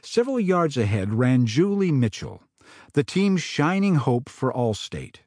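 A man reading his own novel aloud in dramatic, expressive audiobook narration. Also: mid-range voice, a little slow, dry recording, clean studio sound.

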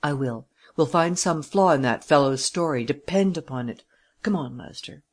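In an audiobook reader's voice, a shaken junior lawyer speaks in urgent bursts. He is an emotional gentleman of the old school, pushing hard to defend a client. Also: medium pitch, lively intonation, moderate pace. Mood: brisk. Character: agitated middle-aged male junior lawyer. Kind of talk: audiobook character reading.

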